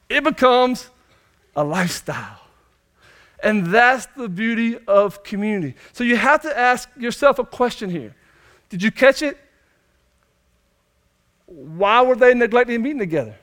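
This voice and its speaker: A man's voice: high-pitched, a bit bright, clean tone. A young male pastor, preaching a sermon with emphatic, repeated phrases. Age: young adult.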